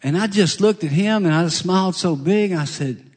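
A middle-aged pastor preaches a sermon conversationally, pausing and restarting as his pitch swings up and down.

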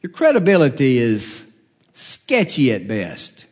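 A man's voice: on the high side, expressive, slow. A man playing a stern male religious leader who cross-examines a witness in a courtroom scene, speaking in an accusing, badgering way.

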